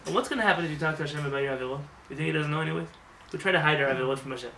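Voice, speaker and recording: Male rabbi, fast animated sermon, raised pitch, roomy hall sound. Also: gravelly, recorded from a distance, a little hiss or hum. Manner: animated, acts out voices, jokes with the congregation. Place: synagogue. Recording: roomy hall with faint ambience.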